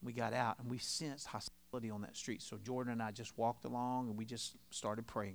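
A middle-aged man preaching a sermon in a conversational, storytelling way, swinging between loud and quiet. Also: mid-range voice, fairly even intonation, brisk, vocal fry, few pauses. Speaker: pastor.

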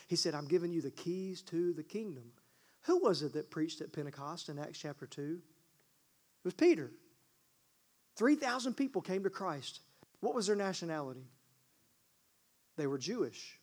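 A man's voice: sits high, normal speed. A man preaching a sermon, emphatic and asking the congregation questions. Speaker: pastor.

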